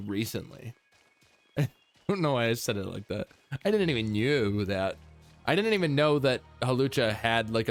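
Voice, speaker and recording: A young man streaming a game, chatting casually and jokily, now and then yelping high or humming silly tunes. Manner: laid-back, jokey, breaks into high yelps and silly humming. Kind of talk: casual gameplay commentary. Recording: faint music in the background.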